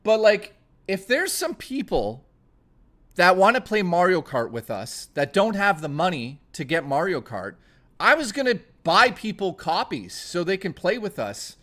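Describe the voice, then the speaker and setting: A man with a fairly high, lively voice chats on a live stream, stammering, swearing and rambling. He sounds close to tears, his words tumbling out with emotion. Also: a little slow. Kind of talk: casual live-stream chat.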